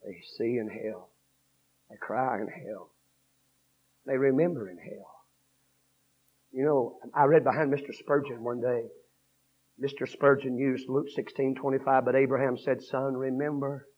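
A man preaching a revival sermon, swinging from hushed storytelling to shouted fervor. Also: mid-range voice, fairly even intonation, a little slow, pauses often, muffled recording.

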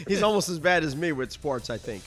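A man co-hosting a casual podcast, chatting in a relaxed way and laughing along. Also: fairly high pitch, normal speed, a crowd in the background. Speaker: podcast co-host.

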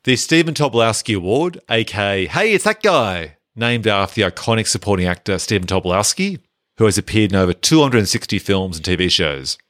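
A man's voice: fairly low pitch, animated, fast talker, fairly bright tone, no echo, studio quality. A man co-hosting a casual movie podcast, laid-back and jokey as he hands out awards. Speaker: podcast co-host.

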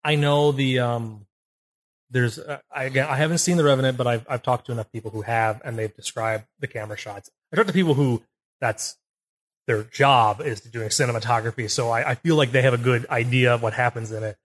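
A man's voice: medium pitch, a little fast. A man co-hosting a casual film podcast, rambling and restarting as he explains camera technique. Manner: rambling, self-correcting, explains technical detail. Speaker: podcast co-host. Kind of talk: casual chat. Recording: poor audio, uneven levels.

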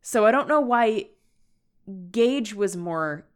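A woman's voice: on the high side, animated, slow pace, smooth. A woman co-hosting a podcast, chatting casually about a horror novel with dry asides and laughter. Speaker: podcast co-host. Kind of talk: casual book discussion.

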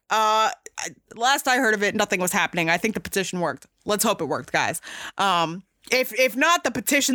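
A woman hosting a podcast in casual chat, talking in an animated, rambling way with many fillers and restarts, emphatic and swearing casually. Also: medium pitch, brisk, no room sound, studio quality. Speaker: podcast host.

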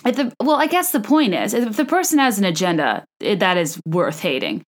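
A woman's voice: mid-range voice, animated, a little fast. A young woman from the American South hosting a solo podcast, rambling casually and poking fun at herself. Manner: chatty, self-deprecating, rambling with restarts and laughs. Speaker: podcast host.

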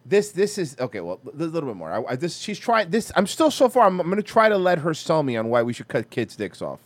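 Animated, high-voiced American man. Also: fast talker, no room sound. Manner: animated, crude, laughing. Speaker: podcast co-host. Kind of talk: casual chat.

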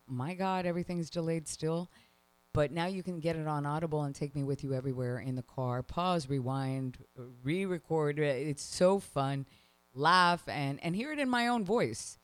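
A woman's voice: a bass voice, dry recording, poor audio. A woman hosting her own podcast, chatting in a rambling, upbeat way with frequent restarts and punchy lists. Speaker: podcast host and author. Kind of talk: casual solo podcast talk.

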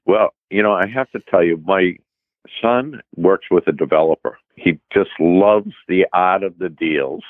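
A middle-aged man with a Boston accent talks in a relaxed, rambling way, circling back on himself with fillers. His voice sits very low. It comes over a tinny, dry phone line. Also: measured pace, dry recording. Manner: rambling, many fillers and restarts. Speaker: podcast guest, trade journal publisher. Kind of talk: casual interview talk.

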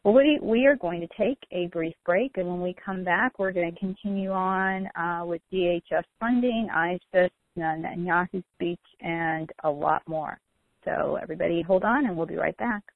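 A woman's voice: on the low side, normal speed, dry recording. A woman hosting a radio talk show, chatty, with many fillers. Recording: dry, narrow phone-like radio sound.

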